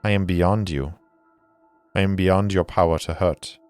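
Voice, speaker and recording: A man voicing an ancient AI hidden in a vault, calm and detached, in a tabletop game. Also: low voice, a little slow, clean tone, no room sound, soft background music. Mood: aloof. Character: ancient vault AI, calm, aloof, beyond harm.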